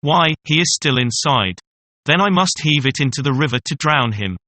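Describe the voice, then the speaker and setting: A man's voice: fairly high pitch, lively intonation, normal speed, bright, forceful tone, no room sound. Little Klaus, a sly clever peasant, read by a man. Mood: mock-frightened.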